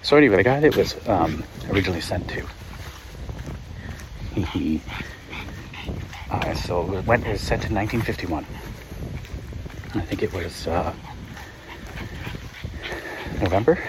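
A man's voice: low voice, expressive, unhurried, long pauses. A man hosting his own podcast, chatting in a casual rambling way with lots of fillers and laughs, a little out of breath as he walks his dog outdoors. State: out of breath while walking. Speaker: podcast host. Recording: outdoor field recording with noise. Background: dog and outdoor ambience.

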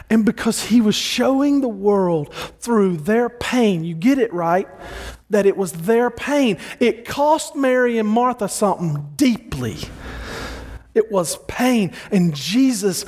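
A man preaching a sermon with passion, climbing to emphatic peaks and then slowing into soft, quiet pauses. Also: sits high, animated, slightly rough, long reverb tail. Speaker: pastor.

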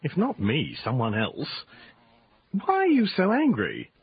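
A hesitant, stammering reporter whose pitch swings very widely. The sound is thin and tinny like a phone line, with a faint hiss. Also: male voice, wildly swooping pitch, measured pace. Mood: chatty. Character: hesitant, nosy male reporter. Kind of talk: radio drama acting.

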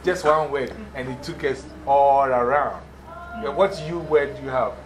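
A man's voice: mid-range voice, measured pace, low-quality recording. A man with an African accent giving a motivational talk to schoolchildren, emphatic and repetitive, often checking that they understand. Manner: emphatic, repeats points and checks understanding with questions. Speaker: guest speaker to schoolchildren. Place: school classroom.

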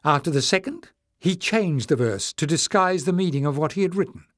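A man's voice: fairly high pitch, lively intonation, brisk, fairly bright tone, no echo, studio quality, voice pushed up. A man reading an audiobook, voicing a stubborn young woman who speaks urgently and emphatically.

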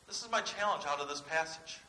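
Man, pastor, sermon, bright edgy voice, echoey church room. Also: fairly high pitch, fairly quick. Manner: earnest, urging questions to the congregation.

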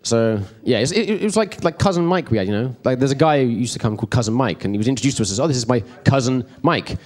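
A man's voice: medium pitch, lively intonation, rapid-fire, a little mellow. A man teaching a church group in a casual, rambling way, often checking in with his listeners. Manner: chatty, rambling, checks in with the room. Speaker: preacher.

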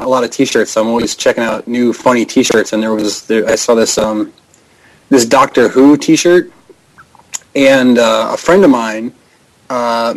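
A man's voice: medium pitch, low-quality recording. Rambling young man telling stories. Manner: rambling storyteller, chuckles often. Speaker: co-host of a prank call show. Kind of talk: casual chat.

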